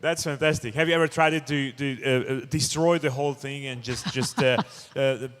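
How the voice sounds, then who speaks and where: A mid-pitched man hosts an event on stage, joking with his co-host and filling pauses with many "uh"s. The hall adds a long, trailing echo. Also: clean tone. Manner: lively and jokey, with many filler sounds. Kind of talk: on-stage hosting. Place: conference stage in a large hall.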